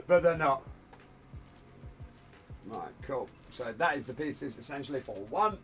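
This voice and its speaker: A man's voice: a little high, sing-song, normal speed, pauses often, a bit bright, faint music behind. A man chatting casually on a hobby livestream from a room at home, rambling and self-deprecating while he works at his desk. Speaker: streamer.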